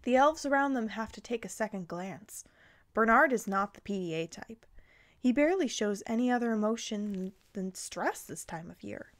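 A woman reading a fan fiction story aloud in a gentle, even storytelling voice. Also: on the high side, moderate pace.

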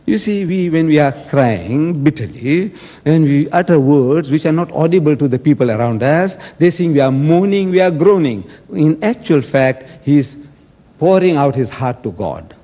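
Male debater, forceful and argumentative, slightly high-pitched, recorded with long hall reverb. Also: expressive, moderate pace. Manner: emphatic, argumentative, acting out quoted speech. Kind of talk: public debate speech.

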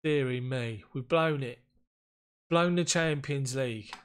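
A man giving casual commentary on a football management game, getting excited and frustrated as chances slip away. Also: medium pitch, measured pace, smooth. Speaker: gaming YouTuber.

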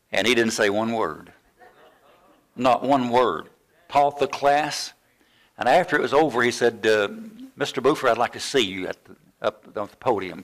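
An older man preaching a sermon, telling a story from his student days and acting out the voices of the people in it. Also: on the low side. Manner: animated storytelling, acts out quoted voices. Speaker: pastor.

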